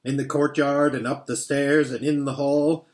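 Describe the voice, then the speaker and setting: A man's voice: mid-range voice, flat delivery, moderate pace, a little mellow, close to an everyday voice. A man reading aloud and voicing a homely, earnest male beaver with a folksy, emphatic way of talking. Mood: ominous.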